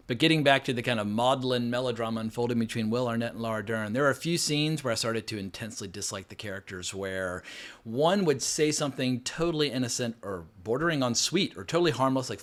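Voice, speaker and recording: A man giving a casual, rambling spoken film review, frank and sprinkled with fillers and profanity. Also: medium pitch. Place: home, New York City.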